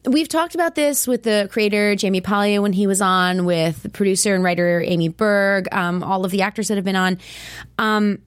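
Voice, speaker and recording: Squeaky woman host rambling on, lots of ums, dry close sound. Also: steady tone, normal speed, clean tone, no room sound. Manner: bubbly, rambling, lots of fillers and laughs. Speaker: show host. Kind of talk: casual chat about a TV show.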